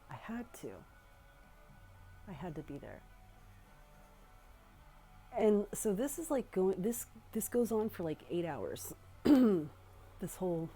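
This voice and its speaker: A young woman recounting a personal story in a loose, halting way, swearing and circling back as she talks. Her voice sits low in pitch, with a dark, mellow tone. The delivery is casual and unscripted. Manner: rambling, halting, with frequent swearing.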